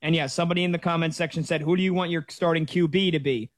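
A man in his thirties hosting a sports talk radio show, chatting casually and telling stories in an animated way. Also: on the high side, fast, dry recording. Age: 30s.

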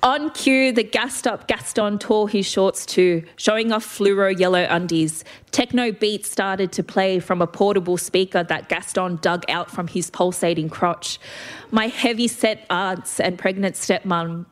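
A woman's voice: mid-range voice, measured pace. A woman reading a first-person story aloud with vivid expression.

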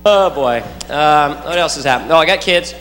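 A man's voice: fairly high pitch, moderate pace, slight background noise. A man doing a stand-up routine, playful and chatting with the audience. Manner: playful, talks to the crowd, does silly kid voices. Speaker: stand-up comedian. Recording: roomy live recording with a loud crowd.

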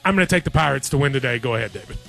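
A man's voice: medium pitch, animated, racing, gravelly, pushed and bright, soft background music. A man hosting a sports radio betting segment, wry and joking. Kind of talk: casual sports chat.

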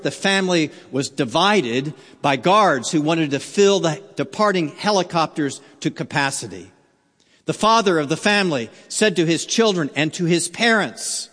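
A man preaching a sermon as a pastor, telling a story slowly and earnestly, sometimes dropping to a near hush. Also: on the high side. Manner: slow, earnest storytelling with wide swings in loudness. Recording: long hall reverb.

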